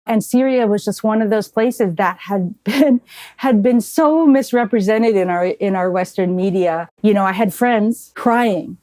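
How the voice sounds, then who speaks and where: A woman's voice: mid-range voice, dry recording. A middle-aged woman, a nonprofit head, telling stories in a podcast interview and acting out the voices of people she quotes, laughing now and then. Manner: animated storyteller who acts out quoted voices with laughter. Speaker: nonprofit CEO, guest. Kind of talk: conversational interview storytelling.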